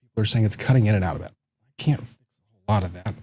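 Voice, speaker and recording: A man's voice: fairly low pitch, fast talker, warm tone, slightly rough, no echo. Chatty man hosting a livestream. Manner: chatty, self-deprecating, reads chat aloud. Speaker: livestream host. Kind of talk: casual livestream chat. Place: small home studio room. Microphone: desk microphone.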